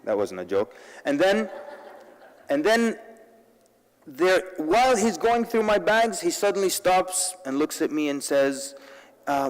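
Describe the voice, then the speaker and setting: A man's voice: a little high, unhurried. A man giving a sermon-style talk at a convention, telling stories with humorous asides and addressing the audience directly. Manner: lively storytelling with humorous asides. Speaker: convention speaker. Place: large convention hall. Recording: long reverb in a large hall.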